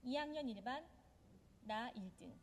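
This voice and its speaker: An actress playing a formal schoolteacher announcing an award in a drama. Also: female voice, fairly high pitch, expressive, very fast, slight background noise.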